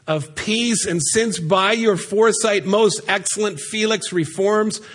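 Male pastor, high voice, earnest sermon delivery from the church stage. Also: unhurried, fairly bright tone. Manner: earnest preaching, reading scripture aloud and explaining it. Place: church sanctuary.

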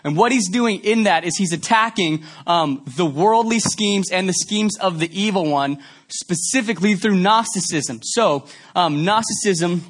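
A man's voice: high-pitched, unhurried. A man from Canada giving a conversational sermon in a church, telling stories with many fillers. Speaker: pastor. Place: church sanctuary.

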